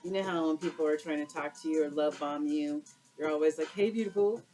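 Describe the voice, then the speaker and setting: A woman's voice: deep voice, little pitch movement, fairly quick, a little mellow, soft background music, rough recording. A woman doing a casual tarot card reading for her viewers, exclaiming and using slang as she turns the cards. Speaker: tarot reader.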